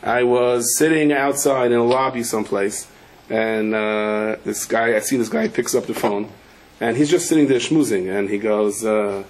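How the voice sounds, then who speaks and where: With a steady tone at normal speed, a middle-aged rabbi gives a lighthearted sermon filled with anecdotes. He mixes in Yiddish and Hebrew and goes high in pitch when quoting. The recording quality is low.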